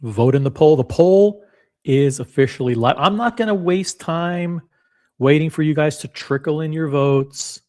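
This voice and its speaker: A man's voice: fairly high pitch, unhurried, dark tone. Blunt, chatty man hosting a livestream. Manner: blunt, chatty, reads viewer comments aloud. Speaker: livestream host reacting to watch predictions. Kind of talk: casual livestream chat.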